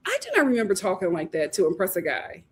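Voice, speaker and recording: A woman's voice: fairly low pitch, expressive, fast, slightly rough. A woman in her thirties, originally from Philadelphia, hosting a casual reality-show recap and talking straight to her viewers with plenty of laughter.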